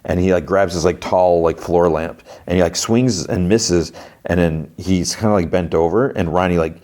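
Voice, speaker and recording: A male podcast host recapping a TV episode in casual, rambling chat. His voice sits very low. He leans on fillers and slips into the characters' lines as he tells the story. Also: moderate pace, darkish tone. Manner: chatty, full of "like" fillers, acts out dialogue.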